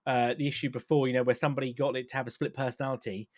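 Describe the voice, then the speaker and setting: A man co-hosting a casual tech podcast, animated and laughing often, restarting sentences as he talks. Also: medium pitch, very fast. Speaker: podcast co-host.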